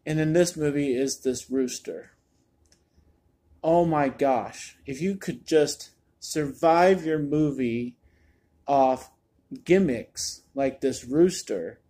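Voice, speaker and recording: A man talks through a movie review in a loose, chatty way, sounding exasperated and often repeating a word as he restarts a sentence. His voice sits a little on the high side, with a mellow, soft-edged tone. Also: slow. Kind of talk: casual spoken review.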